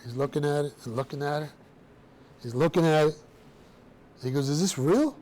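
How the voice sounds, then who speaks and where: A middle-aged man telling his own story to a room of students in a blunt, streetwise, animated way, with casual slang. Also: a little high, normal speed. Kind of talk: personal storytelling talk to students.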